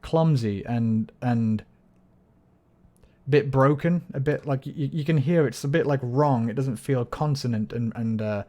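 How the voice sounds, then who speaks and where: A man's voice: medium pitch, a little slow, dark tone, muffled recording. A man chatting casually on a livestream, explaining music theory, humming melodies and swearing when frustrated. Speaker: streamer. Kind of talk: casual livestream chat while gaming.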